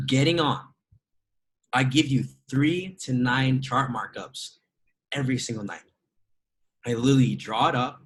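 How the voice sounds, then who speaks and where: On poor audio, a man who teaches trading speaks at an ordinary mid-range pitch with a slightly bright tone. His casual motivational talk is loose and conversational, yet heavily emphatic, punctuated by rhetorical questions and frequent laughter.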